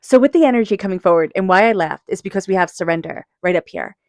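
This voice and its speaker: A woman's voice: medium pitch, animated, quick pace, no room sound, studio quality. A woman giving a casual spoken tarot reading, earnest and encouraging, often repeating herself with filler words. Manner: quiet repeated chanting while shuffling. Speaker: tarot reader.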